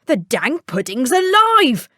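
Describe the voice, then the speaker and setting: A greedy, hungry old tinker from a storybook, drawling his exclamations loudly, as a woman puts him on. His voice slows and swings widely. The sound is dry and close. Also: on the high side, very animated, dry recording, heavily acted. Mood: exclaiming.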